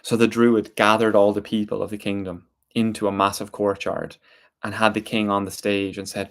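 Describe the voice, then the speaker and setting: A man telling a story aloud, slow and deliberate with drawn-out pauses. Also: fairly low pitch, flat delivery. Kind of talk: spoken storytelling.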